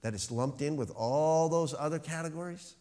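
A man preaching a sermon, stressing key words with slow, emphatic phrasing. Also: on the high side, warm tone. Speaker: pastor.

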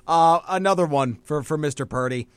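A man's voice: a little high, fairly quick, smooth, no room sound. A young man hosting a college radio sports show, teasing his co-host and speaking like an announcer. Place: radio studio.

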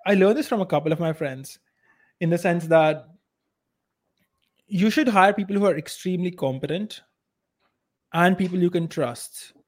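A man's voice: high voice, moderate pace, long pauses. A man with an Indian accent co-hosting a podcast, talking bluntly and with strong opinions. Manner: blunt, opinionated, uneven loudness. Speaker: podcast co-host. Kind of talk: casual podcast chat.

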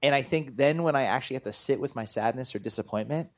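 A man with a medium-pitched voice speaks earnestly and reflectively as an interview guest. He is a pastor and author, and he talks thoughtfully in spiritual terms. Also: fast talker. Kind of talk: reflective conversation.

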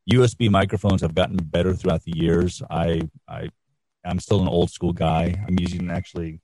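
A middle-aged man speaking as an interview guest, relaxed and explanatory, on a quality studio microphone. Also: sits low, normal speed, no room sound. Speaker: guest, radio instructor and podcast producer. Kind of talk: casual interview answers.

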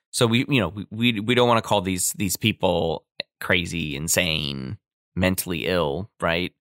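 A man's voice: deep voice, measured pace, a bit bright, dry recording, clean studio sound. A man casually analyzing a film, loose and filler-heavy, often acting out the characters he quotes. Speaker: film commentator.

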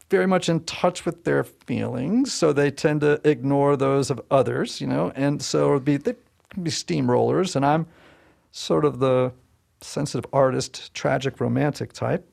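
Man, podcast co-host, heavy vocal fry, mid pitch, easygoing conversational talk, lots of fillers. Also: unhurried, a little mellow. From Southern Connecticut. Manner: thoughtful, chatty, many "you know" fillers. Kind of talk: casual podcast chat.

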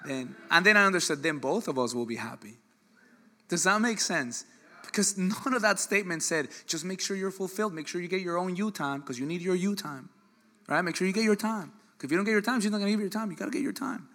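A man preaching a sermon in an animated, joking way, with sudden loud bursts. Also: sits high, fast talker. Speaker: pastor.

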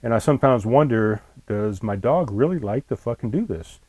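A man's voice: mid-range voice, expressive, moderate pace, a little mellow, breathy edge, no room sound. Irritated, cursing man in a camper. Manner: irritated, profane, rambling. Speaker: podcast host. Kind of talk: casual solo podcast chat. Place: inside a camper trailer. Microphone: laptop on a tray in front of him.

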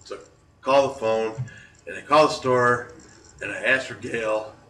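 Bright-voiced man telling stories casually. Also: medium pitch, a little slow. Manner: loose, rambling storytelling with chuckles. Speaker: podcast host. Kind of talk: casual storytelling chat. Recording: echoey room, far from mic.

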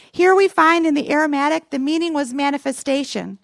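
A woman pastor delivers a Christmas sermon to her congregation, now and then prompting them to repeat her words back. Her voice sits high and carries a gravelly, crackly fry. The sound is dry and close. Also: brisk, hardly any pauses, no echo. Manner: preaching with call-and-response asides to the congregation.

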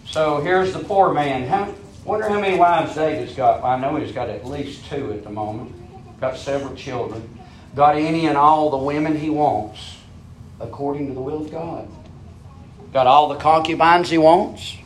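Fervent high-voiced man preaching a sermon. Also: normal speed, a little hiss or hum. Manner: fervent, rises to high shouting peaks then drops low; asks the congregation rhetorical questions.

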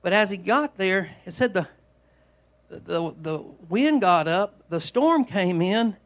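A man with a high-pitched, animated voice preaches an informal, conversational sermon at a slow pace. He rambles and repeats himself while telling homespun stories.

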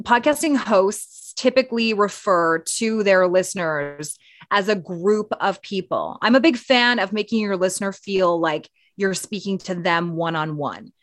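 Recorded dry at studio quality, a Canadian woman with a mid-range, slightly bright voice gives speaking tips. She co-hosts a podcast and works in radio, and her talk is loose and conversational, full of fillers and restarts.

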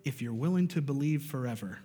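Guy preaching, tells a story, gets loud then goes real quiet, soft music under him. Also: medium pitch, animated, brisk, slightly rough, big-room sound. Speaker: pastor. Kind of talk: sermon.

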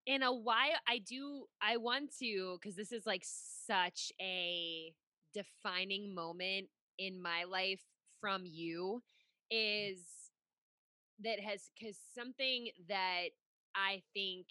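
Slow-talking bright-voiced woman. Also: mid-range voice, smooth, dry recording. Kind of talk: casual conversation.

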